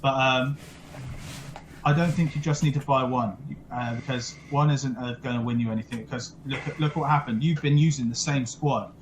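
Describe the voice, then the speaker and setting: A man's voice: medium pitch, steady tone, moderate pace, slight background noise, rough recording. A young man with a blunt, sweary, rambling manner, chatting casually about football over a video call. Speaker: football podcast co-host.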